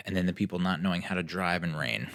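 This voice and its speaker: A young man from New Jersey hosting a podcast, telling stories in a casual, animated, sarcastic way and acting out what other people said. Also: sits low, fairly quick, vocal fry, no echo, clean studio sound. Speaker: podcast host. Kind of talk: casual solo storytelling.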